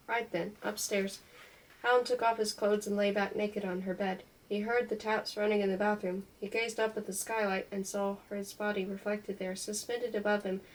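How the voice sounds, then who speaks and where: A woman's voice: mid-range voice, far from the mic, rough recording. Woman reading a novel aloud. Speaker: reader.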